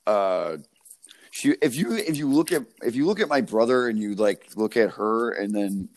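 A man's voice: lowish voice, animated, moderate pace, darkish tone. A man in casual podcast chat who talks bluntly and swears often. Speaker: podcast co-host.

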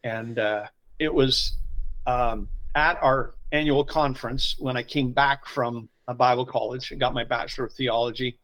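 A middle-aged man speaks as a pastor guest in a conversational interview. He tells stories with real feeling, often dropping low and soft before climbing into bright, loud exclamations. His pitch sits in an ordinary middle range for a man. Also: normal speed, low-quality recording. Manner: emotional, expressive storyteller who swings from quiet asides to loud exclamations.

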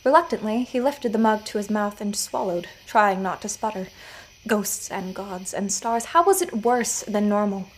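A woman narrating her own scripted audio fiction story in a measured storytelling manner. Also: medium pitch, expressive, husky, rough recording. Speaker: writer and narrator.

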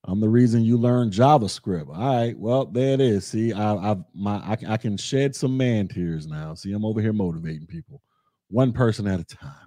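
A young man talks casually on his home podcast, easygoing and chatty as he reads comments from the chat. His voice sits fairly low, with a dark, mellow tone. The recording is dry and close, with no room sound. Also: animated, normal speed, no room sound. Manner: laid-back, conversational, reads chat comments aloud. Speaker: podcast host.

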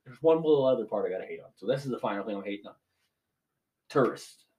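A man's voice: lowish voice, lively intonation, quick pace, dull audio. A young man in his twenties ranting casually as a podcast co-host, swearing freely. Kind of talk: casual chat.

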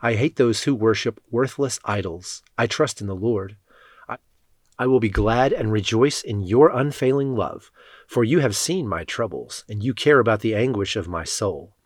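A man reading Bible passages aloud in a measured, solemn way. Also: lowish voice, no room sound, clean studio sound. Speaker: scripture reader.

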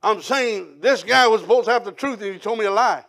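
A man preaching from the pulpit, his voice sitting very high. He tells his testimony with animated energy, acting out the people he quotes. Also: brisk, vocal fry. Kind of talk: sermon testimony.

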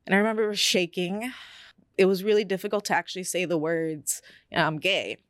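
Young woman, low pitch, podcast co-host; candid, confessional storytelling, loose and full of fillers. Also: steady tone, normal speed, a bit bright, no room sound, studio quality. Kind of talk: personal storytelling in casual chat.

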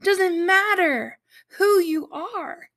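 A woman's voice: very high-pitched, very slow, a bit bright. Chatty young woman teaching Bible stories. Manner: chatty and slangy, laughs often. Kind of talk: casual Bible study commentary.

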